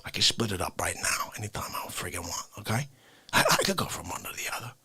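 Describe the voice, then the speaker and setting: A man putting on an indignant Italian tough guy from the Bronx, ranting slowly and dropping from shouts to hushed whispers. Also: sits low, expressive, slightly rough, no echo, full character voice. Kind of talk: comedic character monologue.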